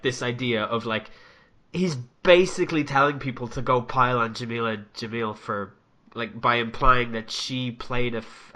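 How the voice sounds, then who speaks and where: Ranting, swearing young man. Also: medium pitch. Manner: swears a lot, ranting and animated. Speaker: podcast co-host. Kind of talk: casual podcast chat.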